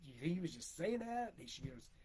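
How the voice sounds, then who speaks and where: Husky middle-aged man telling stories. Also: fairly high pitch, very animated, fast talker, a little mellow, low-quality recording. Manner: rambling, laughs often, acts out quoted lines. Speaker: podcast co-host, wrestler. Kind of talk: casual storytelling chat.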